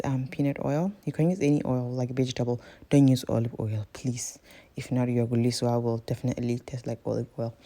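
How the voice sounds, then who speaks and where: Gravelly low-voiced woman. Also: warm tone. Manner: chatty, rambling, keeps addressing viewers as guys. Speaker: cooking vlogger. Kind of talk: casual cooking vlog.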